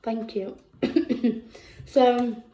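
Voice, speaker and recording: A woman with a Scouse accent performing spoken word poetry, slow and deliberate, with emphatic repetitions. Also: a little high, fairly even intonation, warm tone, roomy sound, low-quality recording. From England. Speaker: poet. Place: festival venue indoors.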